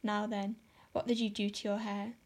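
A woman's voice: mid-range voice, flat delivery, lightly acted. A woman reading as a stern, scolding guardian. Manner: scolding, brisk, sarcastic. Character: stern, sharp-tongued middle-aged woman guardian. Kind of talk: audiobook character voice.

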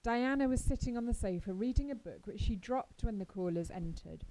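A woman narrating a classic story in a measured, expressive storytelling manner. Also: a little high, low-quality recording. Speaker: audiobook narrator. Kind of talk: scripted narration.

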